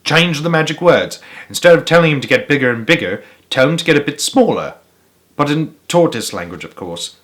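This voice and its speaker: A shy, clever old gentleman speaks politely and softly, as a male reader puts him on. His tone is slightly raised and gentle, a children's storybook character. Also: a little high, lively intonation, fairly quick, pitched above the performer's own voice. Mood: reassuring. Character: shy, gentle older man, clever and lovestruck.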